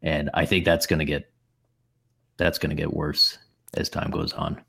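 A man with a very deep voice co-hosts a relaxed sports chat. He muses out loud and often stops to rephrase himself. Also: normal speed, creaky, husky. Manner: musing, thinks aloud with many restarts. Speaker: podcast co-host.

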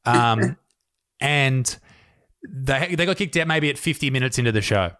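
A man's voice: mid-range voice, measured pace. Swearing Australian male comedian. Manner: animated, swearing storyteller. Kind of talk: casual podcast chat.

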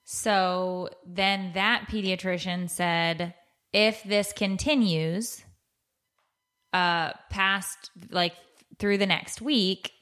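Low-voiced woman podcast host, rambling. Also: pushed and bright. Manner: rambling, restarting storyteller. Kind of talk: casual chat.

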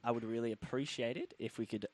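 A man's voice: medium pitch, fast. A man hosting a comedy podcast, playing a mock-formal interviewer and giggling often. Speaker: host.

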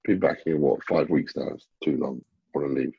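A man's voice: rumbling low, normal speed, gravelly, slightly rough, no room sound, lo-fi sound. A man talking as a bodybuilder guest in a casual interview, blunt and swearing freely.

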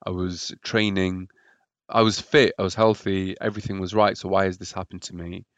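A man's voice: deep voice, little pitch movement, moderate pace, no echo. A man telling his own story as a podcast guest, hesitant and often repeating words. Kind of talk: personal story in a podcast interview.

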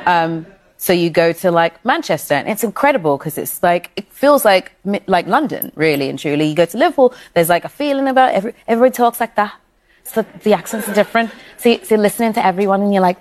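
A woman in a played-back interview clip, telling an animated story with frequent laughter. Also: mid-range voice, quick pace, a little hiss or hum. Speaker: actress in archive clip.

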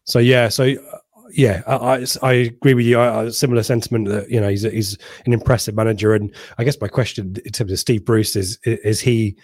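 A man with an English accent hosts a casual football podcast, hesitantly stumbling over words, repeating himself, and reading out the live chat. His voice is on the low side, darkish and steady in tone, and fairly quick, recorded with clean studio sound and no echo.

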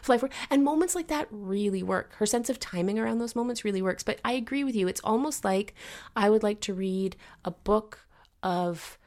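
A chatty woman talks through a novel in a relaxed co-host conversation. Her voice sits at an ordinary middle pitch, and her delivery is animated, with frequent laughs and loose fillers. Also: moderate pace. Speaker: book podcast co-host. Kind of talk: casual book discussion.

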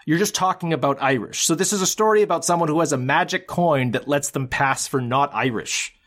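A man's voice: on the high side, brisk, fairly bright tone. A man co-hosting a podcast in casual chat, recapping a plot in a heated, ranting way. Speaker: podcast co-host.

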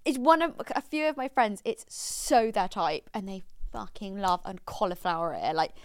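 A woman's voice: mid-range voice, animated, normal speed, clean tone, no echo. A young woman co-hosting a podcast, chatting casually and reading out listener letters in a gushing, laugh-prone way. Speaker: podcast co-host.

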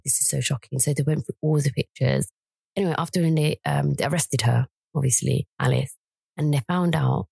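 Chatty young female co-host, gravelly low tone, close dry sound. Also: a little mellow, dry recording. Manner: chatty, retells a story with quoted voices. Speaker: podcast co-host. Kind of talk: casual chat, storytelling.

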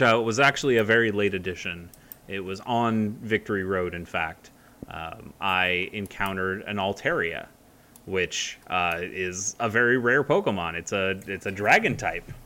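A man's voice: on the low side, moderate pace, sharp tone. A man chatting casually as a co-host, rambling with many fillers and restarts. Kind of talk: casual chat.

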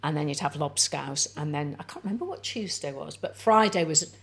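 A woman in her sixties with a low voice chats as a lunch guest. She tells long, loose stories and keeps throwing in little asides to the people at the table. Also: animated, brisk, slightly rough. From North Wales. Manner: chatty storyteller, lots of "like" and "you know". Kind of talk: casual chat over lunch.

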